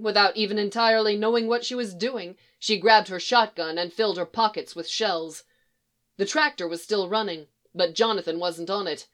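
A woman reads fiction aloud at an even pace in a mid-range voice. Her storytelling is steady and expressive. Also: medium pitch. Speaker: reader.

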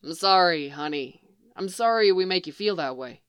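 A woman's voice: on the low side, animated, moderate pace, clean tone, no echo, studio quality, lightly acted. Bucky, a tender wry man, as a woman reader puts him on. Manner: soft, teasing, affectionate. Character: gentle, wry adult man, patient and tender.

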